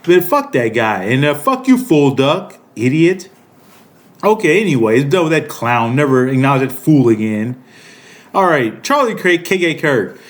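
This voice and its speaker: A man's voice: a little high, big pitch swings, measured pace. Fired-up, foul-mouthed man ranting. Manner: profane, rambling, indignant. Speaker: political commentary channel host. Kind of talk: heated political commentary.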